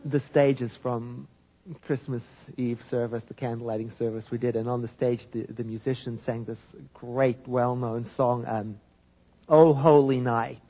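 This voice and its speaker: A man giving an informal spiritual talk, reflective and gentle, often restarting and trailing off softly. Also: mid-range voice, fairly even intonation, normal speed, lo-fi sound. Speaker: spiritual teacher.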